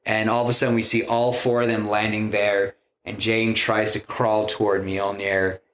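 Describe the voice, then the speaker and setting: A man's voice: fairly low pitch, little pitch movement, normal speed, fairly bright tone. A man casually retelling a film plot on a podcast, rambling with many fillers and restarts. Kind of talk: casual chat, retelling a story.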